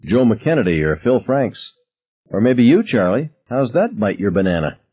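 A man reading an audiobook, voicing a brash, fearless teenage girl who talks loud and fast. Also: medium pitch, sing-song, husky, phone-quality sound, pitched above the performer's own voice. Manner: loud, guffawing, quick.

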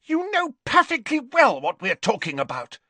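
A man reading an audiobook voices a shrill, earnest teenage girl scolding her friends. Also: huge pitch swings, moderate pace, bright, forceful tone, no echo, full character voice. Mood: reproachful.

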